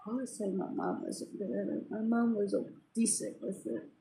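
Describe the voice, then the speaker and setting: A woman's voice: medium pitch, normal speed, gravelly, warm tone, rough recording. Rambling young woman venting casually. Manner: rambling, with many fillers and restarts. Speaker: vlogger. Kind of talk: casual personal venting to camera.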